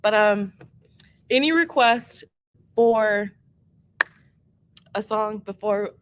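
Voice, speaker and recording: A woman's voice: mid-range voice, drawn-out words, a little hiss or hum. A woman hosting a livestream and taking song requests, talking in a rambling, earnest way and swearing freely. She is emotional and teary-eyed. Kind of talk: casual livestream chat.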